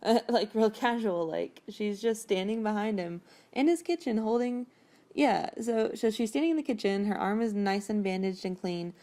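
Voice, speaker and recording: This podcast host has a medium-pitched, expressive voice with a dark tone, speaking at a normal speed. She rambles chattily through a casual recap of a novel, often laughing and using fillers.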